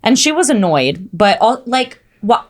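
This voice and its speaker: A young woman co-hosting a podcast, telling stories in animated casual chat, full of "like" and "oh my God". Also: mid-range voice, moderate pace. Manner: animated storytelling, frequent "like" and "oh my God". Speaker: podcast co-host.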